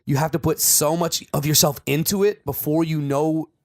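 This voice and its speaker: A man from Canada co-hosting a podcast, telling lively stories in casual chat. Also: on the high side, moderate pace, no room sound, studio quality. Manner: animated storyteller, swearing freely. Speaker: podcast co-host.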